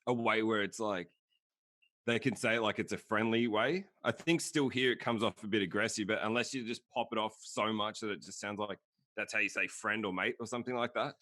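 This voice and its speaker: A man's voice: lowish voice, fairly even intonation, a little fast, a bit bright, no room sound. An Australian man from Australia, a podcast guest chatting in an easygoing way and laughing often. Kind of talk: casual chat.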